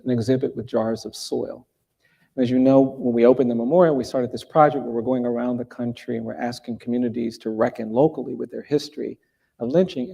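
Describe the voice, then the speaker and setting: Gravelly, dark-voiced man telling a story. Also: medium pitch. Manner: measured, deliberate, with pauses. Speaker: guest speaker at a public event. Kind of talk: earnest storytelling in a live conversation. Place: event hall before a live audience.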